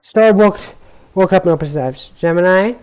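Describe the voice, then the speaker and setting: A man's voice: sits high, animated, moderate pace, dark tone, smooth. A young man reading his own fantasy story aloud on a live stream, stumbling over words and correcting himself as he goes. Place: home streaming setup.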